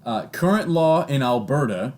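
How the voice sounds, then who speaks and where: A man's voice: mid-range voice, lively intonation, moderate pace, darkish tone, slight background noise. A young man with a Canadian accent co-hosting a casual podcast, reading out strange laws and laughing often. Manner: giggly, reads out odd laws. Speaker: podcast co-host. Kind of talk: casual chat.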